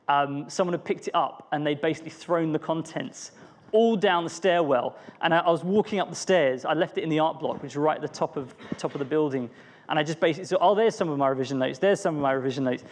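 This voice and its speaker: A young man shares a personal story in a church talk, earnest and reflective. His voice sits fairly high for a man, and he speaks with gentle emphasis. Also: brisk. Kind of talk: personal testimony within a sermon.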